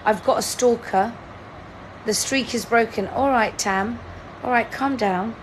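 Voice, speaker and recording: A woman's voice: medium pitch, a little hiss or hum. A woman, hosting a live-stream word-guessing game in a chatty, teasing, playfully dramatic way. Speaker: livestream host.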